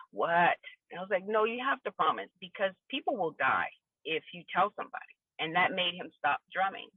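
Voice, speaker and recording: A woman guest on a podcast earnestly recounts a personal story, acting out the remembered dialogue in the quoted voices. Her voice is on the low side with no room sound, coming through a phone call on a tinny line.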